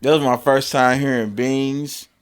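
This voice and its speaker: A man co-hosting a podcast, telling stories in relaxed, slangy casual chat. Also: medium pitch, measured pace, clean tone. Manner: relaxed storytelling, slangy, says bruh a lot. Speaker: podcast co-host.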